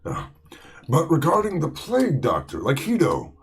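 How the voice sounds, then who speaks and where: A man's voice: fairly high pitch, huge pitch swings, normal speed, vocal fry, slightly rough. A man hosting a game let's play, chatting casually in a rambling way full of fillers and restarts. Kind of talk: casual gaming commentary.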